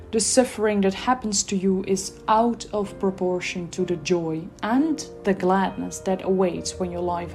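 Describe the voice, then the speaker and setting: A woman with a Dutch accent presenting a church podcast, reading a prepared devotional text in an earnest, measured way. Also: mid-range voice, warm tone.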